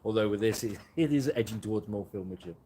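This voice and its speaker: A man's voice: on the low side, fast talker, mellow, a little hiss or hum. A man hosting a casual live chat, rambling and joking about himself with frequent laughs. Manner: rambling, self-mocking, laughs often. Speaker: host. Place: garden at night, outdoors.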